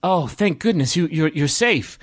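A man's voice: on the high side, animated, unhurried, no echo, studio quality, pitched above the performer's own voice. A man voicing an adult woman director who calls out to her team with worried fussing.

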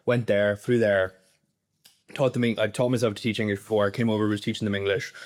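A man's voice: on the low side, level tone. A young Irish man in a casual podcast interview, rambling with lots of "like" and "you know". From Ireland. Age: young adult. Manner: rapid, rambling, heavy use of "like" and "you know".

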